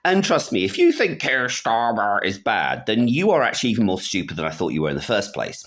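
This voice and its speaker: A man's voice: lowish voice, big pitch swings, brisk, fairly bright tone. A middle-aged man from the UK giving a casual, sarcastic political rant on his vlog. He mocks his targets and often breaks into laughter. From United Kingdom. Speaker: political vlogger. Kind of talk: casual ranting monologue.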